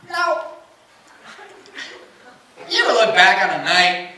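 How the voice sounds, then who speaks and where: A man's voice: high voice, big pitch swings, slow pace, pauses often. A young man performing a stand-up comedy set, telling a family story and acting out his parents' lines. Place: comedy stage with a laughing audience. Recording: roomy, distant live room with loud noise.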